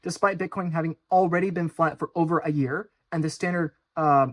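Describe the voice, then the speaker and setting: A man hosting his own finance channel, speaking in an urgent, insistent monologue with piled-up repeated phrases, swinging between low, grave warnings and loud, mocking outbursts. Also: steady tone, brisk. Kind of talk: direct-to-camera monologue.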